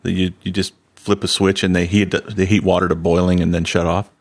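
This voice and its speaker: Casting lower-pitched man, podcast co-host, easygoing anecdotal chat. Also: fairly quick. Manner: relaxed storytelling, repeats words. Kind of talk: casual chat.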